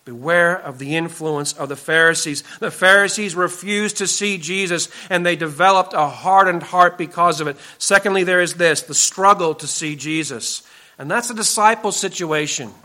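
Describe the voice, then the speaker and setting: A man's voice: sits high, moderate pace, bright, forceful tone. A man preaching a sermon to his church as its pastor, earnest and emphatic, driving his points home with repeated warnings.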